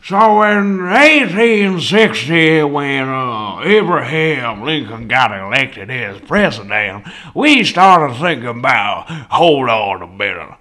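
A man putting on a slow, drawling American Southern accent, playing a folksy Southern student answering an exam question. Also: mid-range voice, sing-song, pushed and bright, heavily acted.

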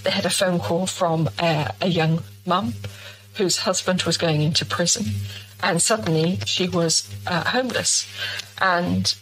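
Calm woman guest, bright tone. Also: on the low side, a little slow, faint music behind, low-quality recording. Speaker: charity representative, guest. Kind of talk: interview recounting.

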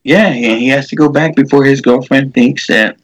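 A man's voice: medium pitch, normal speed, slightly rough, no echo, poor audio. A man casually retelling a movie scene, rambling with many fillers and restarts.

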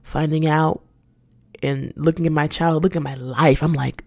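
A woman's voice: low voice, fairly even intonation, moderate pace, creaky, a little mellow, no echo. A woman hosting a casual solo podcast, talking candidly and animatedly, laughing often and repeating words as she searches for them. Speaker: podcast host.

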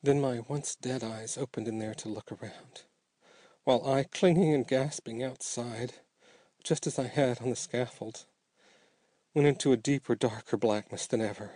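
A man reading a story aloud in a dramatic, measured way. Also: mid-range voice, warm tone, no room sound. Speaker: narrator. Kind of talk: audiobook storytelling.

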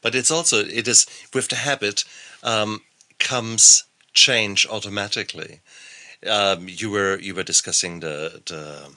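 Bright, low-voiced male host. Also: measured pace. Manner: conversational storyteller, swears casually. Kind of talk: podcast interview.

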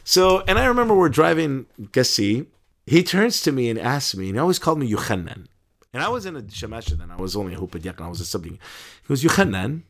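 Animated man telling a funny story. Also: fast, gravelly. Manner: animated storyteller, stumbles and laughs, pitch jumps when excited. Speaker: interview guest, deacon and pharmacist. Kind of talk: casual storytelling interview.

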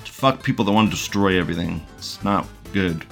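A man's voice: low-pitched, fairly quick, creaky, a bit bright, soft background music. A young man hosting a livestream, ranting crudely and profanely in casual commentary and laughing often. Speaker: livestream host reading chat.

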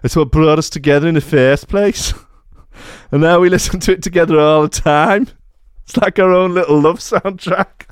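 A man's voice: normal speed, clean tone, no room sound, clean studio sound, close to an everyday voice. A man voicing a grown man in love with a piece of furniture, speaking in a Black Country accent with an earnest, gushing manner. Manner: earnest, gushing, high and strained. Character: lovesick grown man in love with his sideboard.

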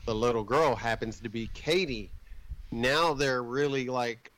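A man's voice: medium pitch, normal speed, fairly bright tone, no room sound, low-quality recording. A man casually recapping a movie plot in a rambling way, swearing now and then and jumping in and out of the characters' voices.

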